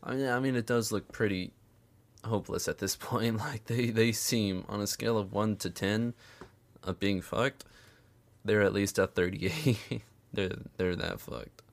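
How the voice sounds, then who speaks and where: A man's voice: fairly low pitch, unhurried, gravelly. A man giving casual, profane recap commentary, sarcastic and chuckling often.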